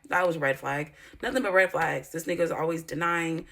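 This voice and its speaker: A woman's voice: fairly low pitch, fairly even intonation, quick pace, fairly bright tone. A woman telling a personal story in a candid vlog, blunt and profane, rambling with filler words and breaking into indignant outbursts. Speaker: YouTuber.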